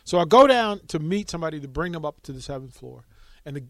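Ożywiony mężczyzna opowiadający w radiu. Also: male voice, on the high side, fast talker, no room sound. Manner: animated, excitable storyteller who restarts often. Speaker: radio sports reporter and host. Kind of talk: casual radio storytelling.

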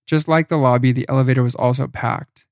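A man giving a scripted horror story narration in an even, measured reading. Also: medium pitch, no room sound, clean studio sound.

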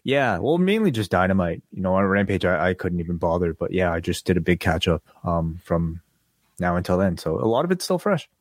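Podcast co-host, man, lowish voice, hesitant and stammering, dry close sound. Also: very animated, a little fast, no echo. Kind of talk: casual live chat.

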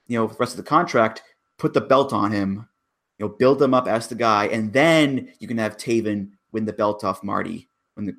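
A man's voice: lowish voice, gravelly, fairly bright tone. A man in casual podcast chat, making his points carefully and stressing key words. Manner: analytical, emphatic. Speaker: wrestling podcast guest.

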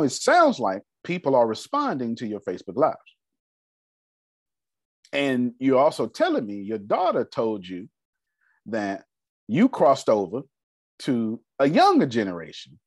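Laughing man coaching a group, swings way up and down, husky, dry sound. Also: medium pitch, measured pace, pauses often, no room sound. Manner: lively, playful, laughs often. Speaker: host of a finance coaching call.

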